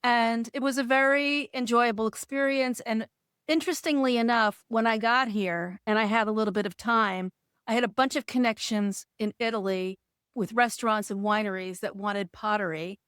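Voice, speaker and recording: A lively woman guest recounting her past and acting out the voices as she goes. Her voice sits a bit high. The sound is dry and close. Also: normal speed, smooth, dry recording. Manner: animated storyteller who acts out dialogue and laughs. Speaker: podcast guest. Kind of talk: storytelling interview.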